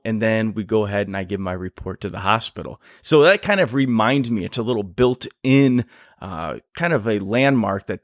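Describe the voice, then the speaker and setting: An American man with a somewhat low voice talks through his work with easy enthusiasm. The sound is dry and close to the mic, and his casual podcast manner stays friendly and explanatory. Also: lively intonation, normal speed, dry recording. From United States. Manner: enthusiastic, explanatory, laughs easily. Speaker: flight paramedic guest.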